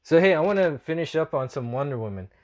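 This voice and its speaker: A man's voice: fairly high pitch, animated, fast talker, a little mellow. A man hosting a casual podcast chat, talking in an earnest, reflective way and laughing often. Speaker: podcast host.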